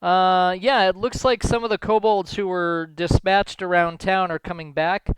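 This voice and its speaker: A man's voice: sits high, steady tone, normal speed, a bit bright, smooth, no room sound, rough recording. A man narrating a tabletop game as game master, hesitant and full of fillers.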